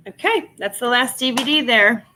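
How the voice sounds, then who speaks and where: A woman's voice: on the high side, animated, normal speed, pushed and bright, slight background noise. A woman hosting a casual reselling livestream, chatting with viewers while she lists items and laughing often. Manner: chatty, laughs often, reads chat aloud.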